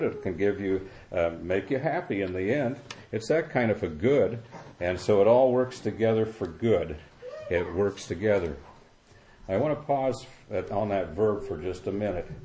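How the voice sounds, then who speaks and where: Older male preacher, low and mellow, unhurried expository sermon. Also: a little hiss or hum. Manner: slow, repetitive expository preaching with pauses.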